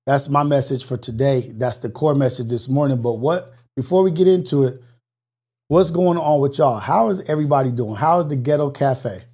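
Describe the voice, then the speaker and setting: A man hosting a live morning call-in show, out of breath and chatting casually, with energetic exclamations and motivational, prayerful asides. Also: medium pitch, moderate pace, husky.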